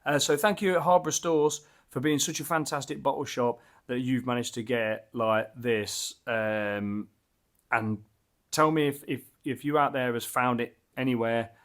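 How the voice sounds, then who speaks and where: Man, mid-pitched, casual beer tasting vlog, excitable, rambling, lots of restarts. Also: a little slow. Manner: enthusiastic, rambling with many fillers and restarts. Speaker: beer reviewer.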